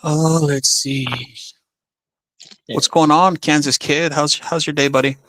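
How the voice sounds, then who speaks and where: A chatty man hosting a casual livestream, his voice sitting a little high. He is upbeat, full of fillers, and reads viewer comments aloud. The sound is close and dry, with no room in it. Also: level tone, slow, sharp tone, no room sound. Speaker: livestream host.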